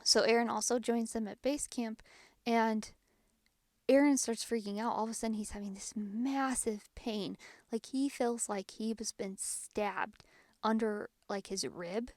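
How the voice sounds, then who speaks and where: A woman's voice: a little high, steady tone, measured pace, a little mellow, no echo. Woman host, casual ghost-story podcast, lots of fillers, dry close sound. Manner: chatty, filler-heavy retelling.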